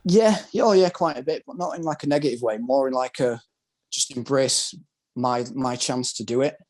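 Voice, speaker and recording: A British former soldier and wheelchair rugby player, appearing as a podcast guest, tells his story candidly and casually. His mid-range voice has a darkish tone and normal speed, and his rambling talk is packed with filler words.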